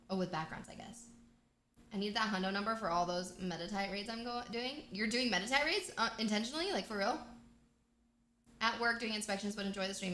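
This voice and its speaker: A woman hosting a casual game livestream, chatty and bubbly with excited outbursts. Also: a little high. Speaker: livestream host. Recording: echoey room.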